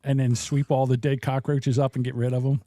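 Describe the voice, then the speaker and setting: A man's voice: mid-range voice, flat delivery, brisk, dark tone, no echo, studio quality. A middle-aged man, co-hosting a casual podcast and telling jokey stories. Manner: storytelling, jokey. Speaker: podcast co-host. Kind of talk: casual chat.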